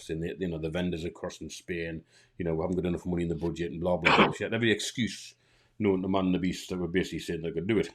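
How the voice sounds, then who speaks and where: A man with a Geordie accent, co-hosting a casual streamed chat and telling a long anecdote, acting out both sides of a phone call and often restarting his sentences. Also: sits low. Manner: rambling storyteller who acts out both sides of phone calls, with frequent restarts. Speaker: co-host.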